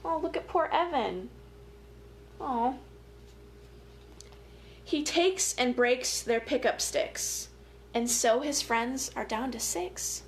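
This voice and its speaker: A young woman family educator reading a picture book aloud to children, with gentle, playful, chatty asides to her young listeners. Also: sits high, a little hiss or hum.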